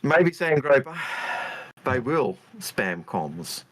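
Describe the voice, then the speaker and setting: A man's voice: medium pitch, very animated, takes it slowly. A man co-hosting a casual talk show, easygoing and reading out viewer questions. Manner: easygoing, short agreeing replies. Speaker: podcast co-host.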